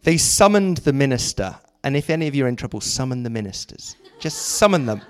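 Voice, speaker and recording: Lively male preacher telling a story. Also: mid-range voice, brisk, clean tone. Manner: lively, breaks off a story for jokey asides. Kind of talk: sermon with storytelling.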